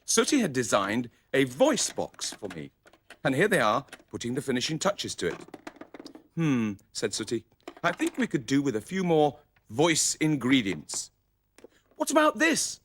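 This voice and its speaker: A man narrating a children's puppet story, lively and quick to slip into character voices. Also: medium pitch, a little hiss or hum.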